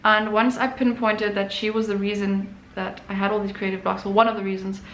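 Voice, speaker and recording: A young woman artist tells a personal story casually, in a middle-pitched voice full of fillers and restarts. The room is echoey, and a faint noise hums behind her. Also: flat delivery, brisk. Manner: chatty, many fillers and restarts, emotional. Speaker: artist and channel host.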